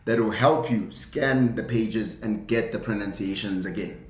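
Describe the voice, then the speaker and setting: A man co-teaching a casual language lesson, chiming in with brief, relaxed remarks. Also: fairly low pitch, unhurried, reverberant. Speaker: co-teacher and book author.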